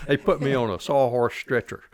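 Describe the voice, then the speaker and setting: A man's voice: medium pitch, steady tone, a little fast, no room sound, clean studio sound. An older man telling his war story in a folksy, plainspoken interview manner. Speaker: guest veteran.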